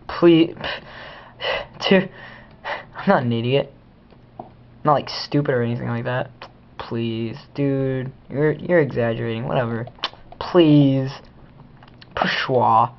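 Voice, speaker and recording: A man's voice: medium pitch, moderate pace, pauses often. A teenage boy doing casual gameplay commentary, goofy and rambling, talking to himself as he plays. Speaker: gamer. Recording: dull lo-fi home recording.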